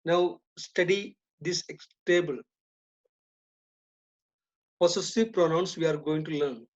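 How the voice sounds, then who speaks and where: Female teacher, slow methodical delivery, lowish voice, muffled lo-fi audio. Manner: slow, deliberate, repeats and stresses key terms. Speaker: English teacher. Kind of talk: classroom grammar lesson. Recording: dull lo-fi recording.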